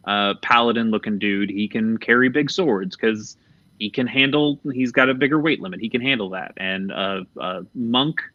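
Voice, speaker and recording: A man's voice: lowish voice, moderate pace, dry recording. A man hosting a casual gaming podcast, speaking candidly, swearing freely and trailing off mid-thought. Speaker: podcast host. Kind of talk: casual chat about video games. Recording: dull, slightly lo-fi podcast audio.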